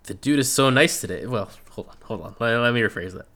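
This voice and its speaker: Bright-voiced laid-back man chatting. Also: mid-range voice, quick pace. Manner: laid-back storytelling, acts out quotes, laughs often. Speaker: podcast co-host reviewing a reality show. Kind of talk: casual chat.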